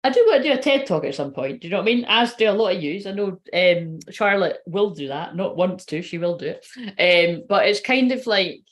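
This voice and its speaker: A woman's voice: mid-range voice, expressive, brisk. A woman, a tarot reader and medium giving a casual, rambling live-stream reading and swearing now and then.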